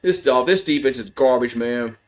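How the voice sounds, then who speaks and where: A man calling a football game play-by-play on a livestream as a frustrated fan, rambling with restarts and now and then swearing, his voice jumping up on big plays. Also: normal speed. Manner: voice jumps high and loud on big plays. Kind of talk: casual play-by-play commentary.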